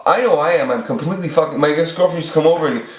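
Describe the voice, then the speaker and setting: A man's voice: a little high, racing. A man in his forties ranting off the cuff on his video channel, rambling and swearing, with many restarts. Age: 40s. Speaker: channel host. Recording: echoey room.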